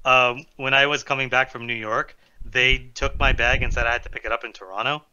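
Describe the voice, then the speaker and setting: A man chatting casually, excitable in his manner. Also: mid-range voice, brisk, muffled recording, a little hiss or hum. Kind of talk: casual chat.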